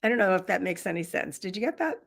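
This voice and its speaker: A woman's voice: medium pitch, sing-song, fast, creaky. A middle-aged woman leading an online workshop, telling a personal story with frequent laughter, on a computer mic. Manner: warm storytelling, laughs often. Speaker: workshop leader. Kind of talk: live online workshop talk.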